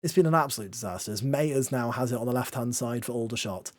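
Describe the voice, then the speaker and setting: A man's voice: medium pitch, quick pace, no room sound, studio quality. A man giving playful, self-mocking commentary on a football management game, switching between mock-commentator play-by-play and wry asides. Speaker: gaming YouTuber.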